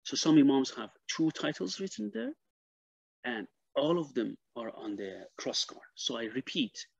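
A man who studies historic arms, giving an explanatory video lecture, pausing often and correcting himself as he translates inscriptions. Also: medium pitch, lively intonation, gravelly, dry recording, dull audio. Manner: halting, self-correcting, translating as he goes.

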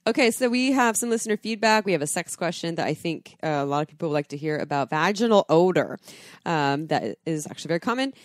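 A woman's voice: lowish voice, animated, fast talker, no room sound, clean studio sound. A woman co-hosting a casual podcast, talking frankly and enthusiastically and laughing often. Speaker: podcast co-host.

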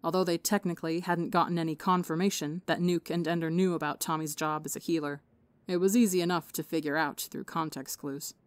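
A woman reading fiction aloud in a steady, measured way. Her voice sits low. The recording is dry and close to the mic. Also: dry recording. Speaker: audiobook podcast reader. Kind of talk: scripted narration of fan fiction.

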